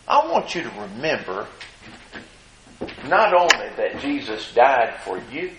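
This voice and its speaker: In a roomy, echoing space, a folksy man delivers a sermon in a medium-pitched, fairly bright voice. He reads scripture, then comments on it with rising emphasis.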